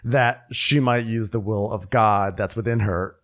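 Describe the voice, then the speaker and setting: A man's voice: fairly low pitch, steady tone, a little slow, fairly bright tone. A man co-hosting a podcast, rambling through a reality-show recap with frequent laughter and fillers. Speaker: podcast co-host. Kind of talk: casual recap chat.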